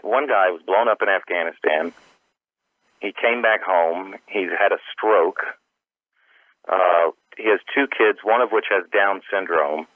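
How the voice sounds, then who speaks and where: Man, comedian guest, very low voice, earnest, slightly out of breath, tinny phone call, dry. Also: dry recording. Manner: earnest, heartfelt. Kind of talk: phone interview.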